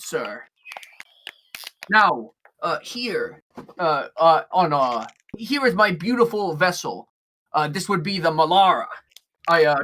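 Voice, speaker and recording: A man's voice: a little high, fairly bright tone, a little hiss or hum, rough recording. A man voicing a portly, friendly male orc who owns a ship, talking eagerly and politely with lots of hesitations. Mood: courteous. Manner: eager, courteous, stammering.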